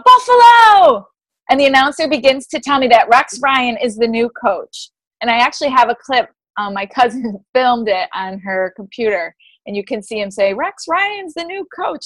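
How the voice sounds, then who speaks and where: A woman's voice: a little high, no room sound, low-quality recording. A woman co-hosting a podcast, reading her own blog post aloud, giggly and easily moved. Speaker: podcast co-host.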